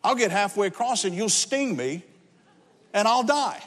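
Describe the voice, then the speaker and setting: Wary fable frog played by a man, high raised voice, echoing hall. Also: lively intonation, normal speed, a bit bright. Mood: alarmed.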